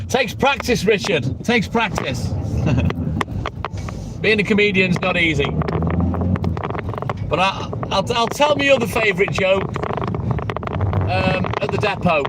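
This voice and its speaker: Guy on a phone live from his van, jokey, lots of traffic noise. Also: high-pitched. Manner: jokey and self-mocking. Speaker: milkman livestreaming. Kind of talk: casual live-stream chat. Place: work van by a street.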